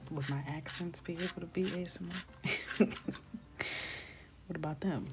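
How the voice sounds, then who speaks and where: Low, gravelly-voiced woman chatting while coloring. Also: normal speed. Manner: chatty and animated, playful. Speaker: illustrator hosting a live coloring stream. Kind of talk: casual chat while coloring.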